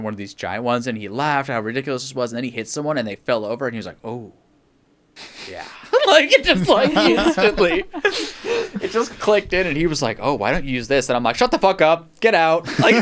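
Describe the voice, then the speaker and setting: Rambling, swearing young man. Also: on the low side. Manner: rambling, swears a lot, acts out quotes. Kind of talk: casual gaming chat.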